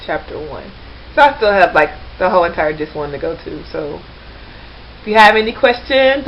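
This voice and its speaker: Speaking in a lowish voice, this woman vlogs about learning languages, talking to camera in a loose, rambling way full of fillers and false starts. Slight background noise runs under a somewhat dull, lo-fi webcam capture.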